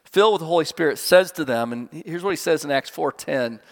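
A man preaching a sermon, animated, with speech that climbs to high emphatic peaks and falls low at phrase ends, chuckling now and then. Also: a little fast, long reverb tail. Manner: chuckles now and then while telling stories.

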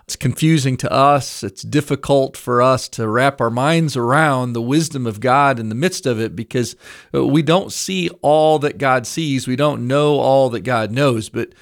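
Bible teacher introducing a message. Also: male voice, medium pitch, measured pace. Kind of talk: studio intro to a sermon.

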